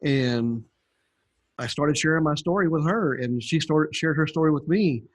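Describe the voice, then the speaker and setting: A man's voice: a little high, moderate pace. An older man, a podcast guest, telling his story in a rambling, conversational way with many fillers. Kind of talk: conversational testimony.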